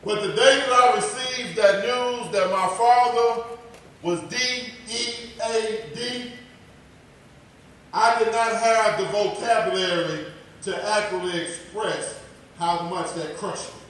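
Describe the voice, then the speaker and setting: A fairly high-voiced middle-aged man from tells his story as a motivational speaker, swinging from loud to hushed. His rings through a big echoey room, picked up from some way off the mic with a faint hiss underneath. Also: steady tone, a little slow. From Texas. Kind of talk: personal testimony speech. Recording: echoey hall, voice far from mic.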